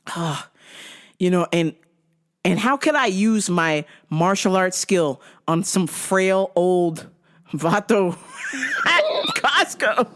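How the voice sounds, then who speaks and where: A woman from Southern California tells comedic stories as a podcast host. Her voice swings widely in pitch as she goes. She swears freely and breaks into laughs often. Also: slow. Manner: animated, profane, laughs often. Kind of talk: comedic storytelling.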